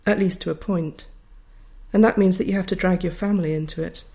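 A woman's voice: lowish voice, steady tone, fairly quick, warm tone. A middle-aged woman, a writer reading her own memoir aloud in a wry, reflective way. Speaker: author.

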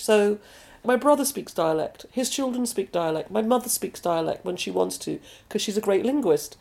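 This is a woman with an English accent, speaking as a novelist in a long interview. She reflects out loud in an easy, conversational manner and often restarts her sentences mid-thought. Her voice sits at an ordinary middle pitch. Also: gravelly.

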